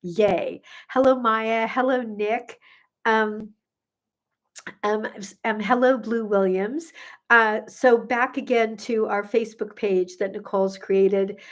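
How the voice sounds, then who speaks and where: A woman's voice: mid-range voice, steady tone, takes it slowly. A middle-aged woman, a gut health coach, chatting casually on a live stream, bubbly and effusive with many ums, a little sniffly. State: sniffly from pollen.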